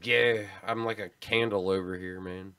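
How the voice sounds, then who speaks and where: A man's voice: on the low side, steady tone, normal speed, sharp tone, smooth, no room sound. A man hosting a livestream, chatting casually in a rambling, laid-back way that often trails off. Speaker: stream host.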